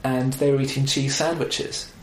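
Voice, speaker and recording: A man chatting casually about films, animated and wry, with exasperated asides. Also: medium pitch, moderate pace. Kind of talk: casual film chat. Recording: roomy echo, faint background noise.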